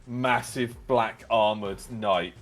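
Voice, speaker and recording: A man's voice: lowish voice, slow pace, soft background music. A man narrating a tabletop game as game master, describing scenes at length with many fillers and "like"s.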